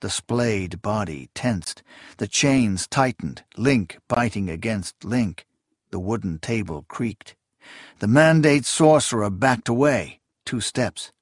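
Male narrator, audiobook, slow, dry close sound. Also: fairly low pitch, lively intonation, no echo. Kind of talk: scripted fantasy narration.

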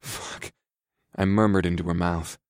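A man narrating a story in the first person in a calm, steady, soft-spoken way. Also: sits low, moderate pace, dry recording, studio quality.

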